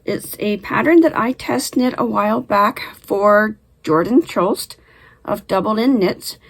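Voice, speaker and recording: A woman's voice: mid-range voice, measured pace, poor audio. A woman hosting a casual knitting vlog from her home in Canada, chatting in a friendly way and sounding a little short of breath, with the odd cough. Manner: friendly, chatty, occasional coughs and throat clearing. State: short of breath after illness. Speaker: knitting channel host.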